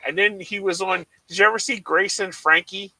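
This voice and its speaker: A man's voice: high voice, moderate pace, dry recording, rough recording. A man from South Jersey telling a long story in casual chat, acting out his mother's lines as a co-host. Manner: animated storyteller who acts out his mom's lines. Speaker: watch party co-host.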